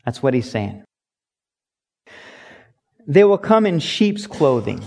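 A pastor giving a conversational sermon, repeating key phrases for emphasis. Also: male voice, high-pitched, sing-song, takes it slowly, long pauses, a little mellow.

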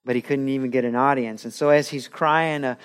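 A man's voice: medium pitch, steady tone, brisk, smooth. A male pastor preaching a sermon in an earnest, conversational way, acting out quoted voices as he goes.

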